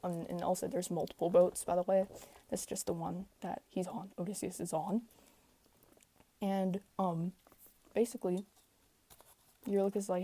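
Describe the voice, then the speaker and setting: Hoarse young woman rambling quietly. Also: fairly low pitch, little pitch movement, moderate pace, pauses often. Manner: speaking quietly, lots of fillers. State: hoarse, tired voice. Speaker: podcast host. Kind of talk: casual rambling recap rant. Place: home room.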